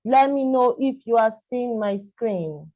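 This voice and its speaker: A woman's voice: a little high, lively intonation, slow pace, mellow, dry recording, rough recording. A woman teaching a live-streamed online class, enthusiastic and repetitive, greeting viewers by name.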